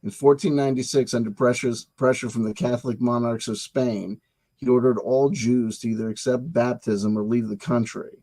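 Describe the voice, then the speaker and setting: A man's voice: mid-range voice, darkish tone. A man hosting his own channel, rambling through dates and history in a digressive, joking way and often repeating himself. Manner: digressive, jokey, talks back to himself; stumbles and repeats words. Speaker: channel host.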